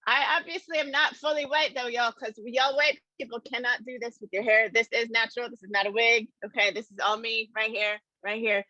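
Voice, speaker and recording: Woman, about fifty, keynote speaker; bright, forceful voice, dry and slightly dull sound. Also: fairly high pitch, fairly quick, few pauses, dry recording. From American Midwest. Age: around 50. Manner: lively, conversational, addresses the audience as y'all. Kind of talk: conference keynote storytelling. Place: conference room.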